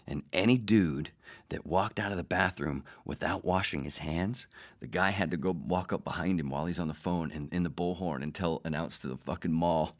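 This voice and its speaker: Speaking at a moderate pace in a low-sitting voice, a middle-aged podcast host swears his way through an anecdote about his time as a radio producer. He keeps the monologue loose and lively, performing the quoted lines as he goes.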